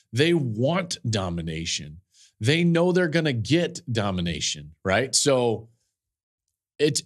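A man hosting a podcast, telling the story of a game he called with animated emphasis and frequent restarts, speaking into a studio podcast mic. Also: mid-range voice. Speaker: podcast host and football analyst. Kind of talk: casual analysis.

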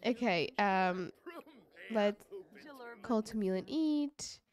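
A woman's voice: medium pitch, animated, takes it slowly. A woman giving casual, chatty gameplay commentary, gushing and giggling as she goes. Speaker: let's play creator.

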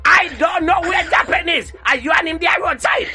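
A performer voicing a loud, bossy old Jamaican grandmother who shouts and scolds in patois on a phone call. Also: extremely high pitch, normal speed, soft background music, heavily acted. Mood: scolding.

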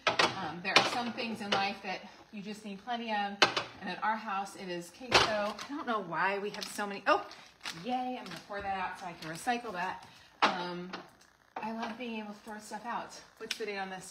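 A woman's voice: fairly high pitch, brisk, noisy background. A middle-aged woman, chatting to viewers on a livestream while she cleans out her fridge, full of asides and fillers. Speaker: home organizing vlogger. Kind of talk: casual livestream chat. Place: home kitchen.

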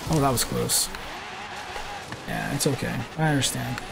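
A man's voice: mid-range voice, moderate pace, gravelly. A man in his twenties streaming a racing game, chatting casually, swearing and jabbing back at trolls in chat. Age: 20s. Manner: brash, swears, trades jabs with chat trolls. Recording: loud car game sounds behind. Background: racing game engine noise.

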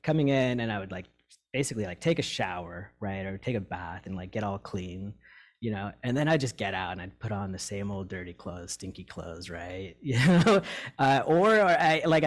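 A man in recovery sharing a personal story with his meditation group, candid and halting, full of fillers and restarts. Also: lowish voice. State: tearing up.

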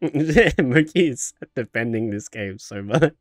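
A man's voice: medium pitch, expressive, slow pace, no echo, clean studio sound, soft background music. A man streaming a video game with casual commentary, joking, cocky and swearing.

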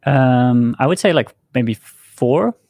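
Husky gravelly dude cracking jokes on a call, dry sound. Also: male voice, medium pitch, animated, takes it slowly, darkish tone, no room sound. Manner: joking, offhand. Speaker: co-host. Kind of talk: casual chat.

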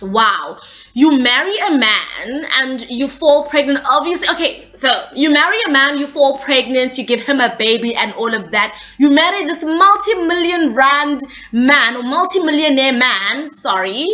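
A woman's voice: sits high, animated, moderate pace, bright, forceful tone. A young woman, not an English speaker, giving opinionated, sassy celebrity gossip commentary and often checking in with "okay?". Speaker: gossip news vlogger.

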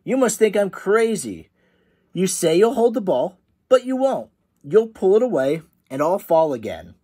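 A hopeful, put-upon young boy who blurts out his lines eagerly, voiced by a man reading a storybook. The voice is lifted high and moves with lively swings. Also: a little slow, husky, exaggerated voice. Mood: indignant. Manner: eager, exclaiming.

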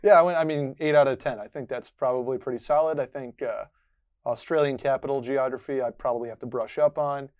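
A man's voice: mid-range voice, steady tone, fairly quick, darkish tone, no echo. Self-mocking man thinking aloud. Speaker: quiz contestant. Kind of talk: casual comedic quiz banter.

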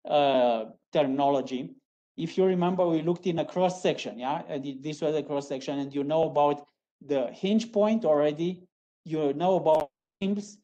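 A woman giving a university geology lecture, who ends phrases with a checking "yeah?" and repeats key terms, with frequent halting restarts. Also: low-pitched, warm tone.

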